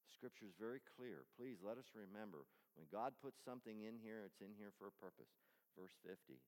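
A male pastor preaching a sermon, swinging from loud, emphatic calls down to soft near-whispers. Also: lowish voice, lively intonation, normal speed. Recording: long reverb of a large hall.

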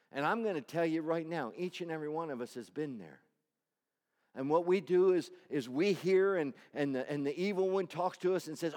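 A man preaching a sermon, moving between loud, intense appeals and quiet, personal storytelling. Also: mid-range voice, lively intonation, fairly quick. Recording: long reverb hall.

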